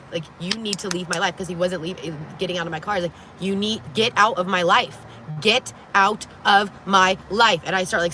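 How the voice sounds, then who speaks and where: A woman vlogger telling a personal story to camera in a casual, animated way, frank and profane, with many "like"s, from inside a vehicle. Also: fairly low pitch, noisy background.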